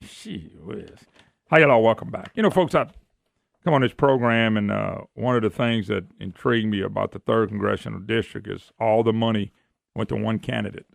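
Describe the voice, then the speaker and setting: A man's voice: on the low side, brisk, creaky, no echo. A man hosting talk radio, folksy, sarcastic and ranting. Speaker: radio talk show host. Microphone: studio microphone.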